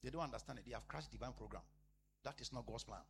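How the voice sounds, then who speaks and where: A man preaching a sermon as a pastor, repeating phrases emphatically and swinging between loud declarations and hushed asides. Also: medium pitch, fast, creaky, background noise.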